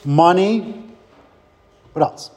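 A man teaching a Bible study class in a slow, halting way, with many fillers and restarts. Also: high-pitched, a little mellow, long reverb tail.

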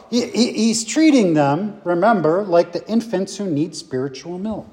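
A man's voice: high voice, expressive, measured pace, a little mellow, long reverb tail. A man leading an informal Bible study, teaching conversationally and putting questions to his group.

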